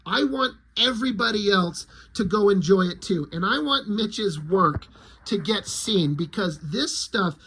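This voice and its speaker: Man, high husky voice, excited profane comic reviewer, casual. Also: measured pace. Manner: excited, profane, laughing storyteller.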